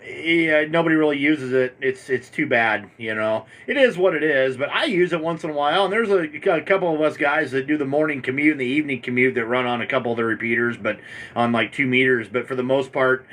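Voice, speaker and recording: A man's voice: mid-range voice, fairly quick, fairly bright tone. A man from Montana chatting casually on the air as an amateur radio operator, folksy and friendly, tagging "there, my friend" onto his lines.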